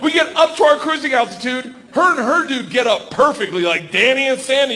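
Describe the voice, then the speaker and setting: Loud laughing male stand-up comic. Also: very high-pitched, lively intonation, moderate pace, few pauses. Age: 40s. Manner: loud, laughing, shouting punchlines. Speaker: stand-up comedian. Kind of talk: stand-up comedy set. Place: comedy stage before audience. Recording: live club with crowd noise.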